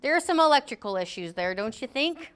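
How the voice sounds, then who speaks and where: High-voiced middle-aged woman, joking safety instructor who acts out quotes. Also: very animated, fairly quick, smooth. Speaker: safety trainer. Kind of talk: classroom training talk.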